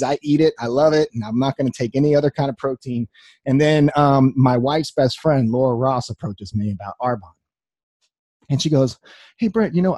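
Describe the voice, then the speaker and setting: A man's voice: mid-range voice, dark tone, no room sound. A young man telling a personal story to an audience in an earnest way, acting out his own past words with many restarts. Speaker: speaker sharing his story. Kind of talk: personal testimony talk.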